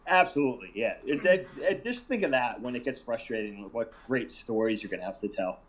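A man in his forties, a podcast guest, talking in an animated, enthusiastic casual chat. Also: mid-range voice, brisk, rough recording.

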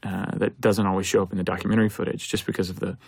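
A man's voice: low voice, flat delivery, racing, creaky. A man, a film director, giving an earnest, reflective audio commentary, thinking aloud as he talks.

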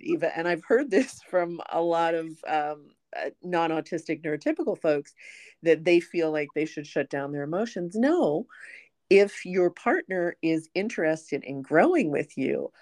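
A woman podcast host with a notably low voice talks earnestly about her own experience. The sound is dry and close, with no room around it. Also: a little mellow, no echo. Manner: earnest, personal storytelling. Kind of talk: casual conversational interview.

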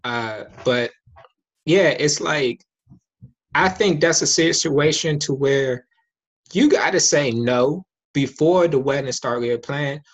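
A man's voice: a little high, slow pace. A man in casual chat, speaking candidly in a rambling, slangy way.

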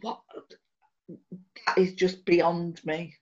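A woman's voice: lowish voice, little pitch movement, extremely slow, muffled recording. A woman co-hosting a podcast, talking bluntly with a teasing edge. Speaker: podcast host. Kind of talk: casual chat.

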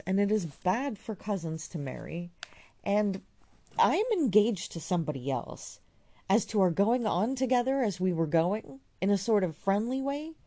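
A woman voicing a sharp, ironic young woman. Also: medium pitch, pitched above the performer's own voice. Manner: learned, cutting, then tearful. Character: young woman, clever, ironic, quick-tempered cousin.

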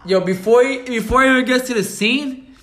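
A young man co-hosting a casual comedic podcast, talking fast and animated, swearing and laughing often. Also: extremely high pitch, slight background noise. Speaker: podcast co-host. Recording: roomy echo.

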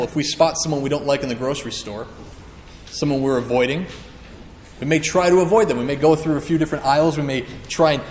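Male preacher, earnest, emphatic, slightly high voice, roomy reverb. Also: darkish tone, a little hiss or hum. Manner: earnest, emphatic teaching with acted-out quotes. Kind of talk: sermon. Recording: echoey hall with long reverb.

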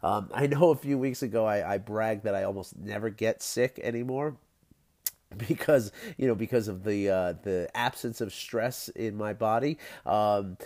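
Casual male podcast host, low mellow voice, nasal and scratchy from a cold, rambling delivery full of fillers. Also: moderate pace. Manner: rambling, many fillers and repeated words, frequent light laughs. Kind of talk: casual solo podcast talk.

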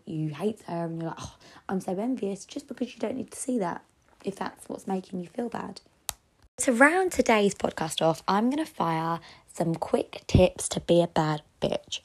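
Brief: young woman, podcast host, low gravelly pep-talk delivery. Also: darkish tone. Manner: chatty pep talk, frank and encouraging. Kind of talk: solo advice podcast.

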